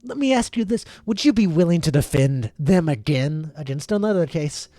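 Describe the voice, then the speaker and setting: A man's voice: fairly high pitch, expressive, moderate pace, dark tone, no echo, clean studio sound, lightly acted. A man voicing a contemptuous, scheming male devil prosecutor with a sneering, formal manner. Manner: sneering, raised, cold formality.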